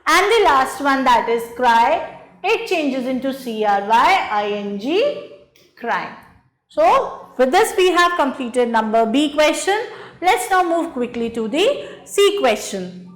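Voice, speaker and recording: A woman's voice: high-pitched, very animated, slow. A woman teacher, patiently walking through a grammar exercise and spelling words letter by letter. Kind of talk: slow spelled-out grammar lesson. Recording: echoey room.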